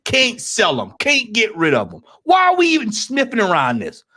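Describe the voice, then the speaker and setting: A man rants about his football club, his voice high and swinging widely in pitch. He repeats himself for emphasis and often breaks into shouting. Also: huge pitch swings, normal speed, a little hiss or hum. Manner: ranting, repetitive, often shouting. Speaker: football podcast panelist. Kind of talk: heated fan rant on a live stream.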